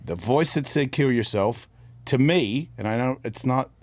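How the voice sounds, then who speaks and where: A man's voice: medium pitch, animated, normal speed, no echo. A middle-aged man telling a personal story candidly on a podcast, in earnest, rambling, casual talk. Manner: repeats and restarts words mid-sentence. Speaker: podcast co-host.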